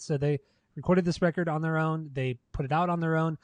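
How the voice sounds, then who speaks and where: A man with a slightly high voice talks in a loose, casual way, cursing freely and breaking into laughs. He sounds close to the mic in a dry room. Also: fairly even intonation, a little fast, no echo. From United States. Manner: laid-back, swears freely, laughs often. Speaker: podcast co-host. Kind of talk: casual chat.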